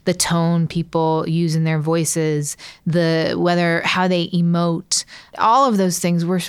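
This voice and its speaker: Candid woman podcast host, smooth dry voice. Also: on the low side, dry recording. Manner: candid, animated, acts out quoted voices. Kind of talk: casual podcast chat.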